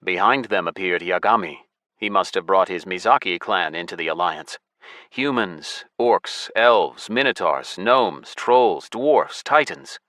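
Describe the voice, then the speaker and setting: Male audiobook narrator, low forceful voice, dry close studio sound, measured first-person reading. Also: no echo.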